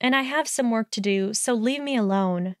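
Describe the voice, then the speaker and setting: A woman voicing a sharp-tongued, haughty young witch in a storybook reading, speaking crisply and cuttingly. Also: a little high, normal speed, no room sound, studio quality, lightly acted. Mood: defiant.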